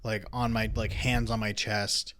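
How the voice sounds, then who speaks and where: Bright-voiced young man telling a rambling story. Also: lowish voice, little pitch movement, measured pace. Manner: rambling storyteller with many fillers and restarts. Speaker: podcast co-host. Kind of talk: casual chat.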